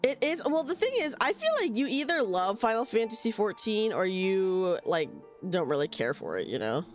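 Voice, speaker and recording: A woman's voice: medium pitch, sing-song, moderate pace, soft background music. A young woman chatting casually on a game stream, giggly and self-deprecating, speaking into a desk mic at home. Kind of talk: casual live-stream chat.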